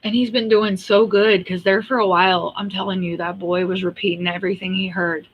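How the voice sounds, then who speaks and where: A woman's voice: medium pitch, flat delivery, a little fast, muffled recording. A woman hosting a casual livestream, talking bluntly and ranting in an exasperated way, with frequent laughs. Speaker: livestream host.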